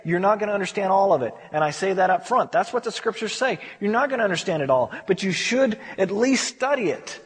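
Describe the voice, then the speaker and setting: A man's voice: high voice, animated, fairly quick, few pauses, slightly rough, long reverb tail. A man preaching a conversational verse-by-verse Bible study, repeating words as he stresses a point. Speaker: pastor.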